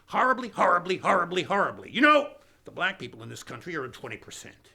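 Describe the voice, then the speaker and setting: A man's voice: high-pitched, sing-song, fast, vocal fry, bright, forceful tone, full character voice. A man putting on a whining, indignant rich man who repeats himself in outrage.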